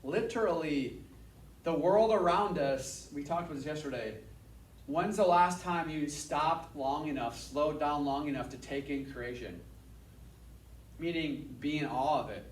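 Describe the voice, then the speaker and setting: A man giving a casual Bible lesson to a class, energetic and repeating his points for emphasis. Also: a little high, measured pace. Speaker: Bible teacher. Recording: echoey room, mic at a distance.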